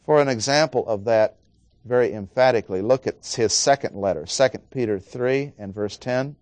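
A man's voice: medium pitch, darkish tone. Guy preaching verse by verse, leans hard on key words, dry no-echo sound. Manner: deliberate, stressing key words with slow dramatic pauses. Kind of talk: expository sermon.

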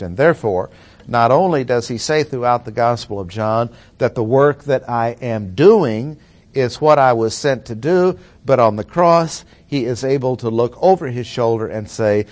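A man preaching an expository sermon, deliberate and emphatic, slowing down to stress key phrases. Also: medium pitch, expressive, a little mellow.

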